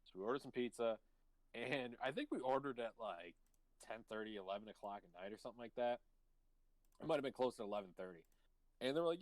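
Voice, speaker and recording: Animated, swearing man telling stories. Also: medium pitch, fast talker, dry recording, rough recording. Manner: animated storyteller, swears freely, laughs mid-sentence. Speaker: stream host. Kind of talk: casual chat, telling anecdotes.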